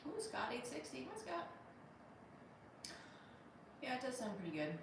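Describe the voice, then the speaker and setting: A woman's voice: sits high, very animated, measured pace, distant mic. A chatty woman comedian hosts a casual livestream, rambling between viewer comments. Her voice sits back from the mic in a very echoey room. A faint hum runs underneath. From Pittsburgh. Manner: chatty and rambling, with many restarts. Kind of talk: casual live chat, reading viewer comments aloud.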